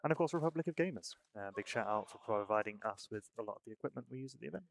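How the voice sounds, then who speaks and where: Fast-talking upbeat male esports caster. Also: mid-range voice, lively intonation, vocal fry. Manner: brisk, upbeat, reads sponsor shout-outs. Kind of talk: live game commentary.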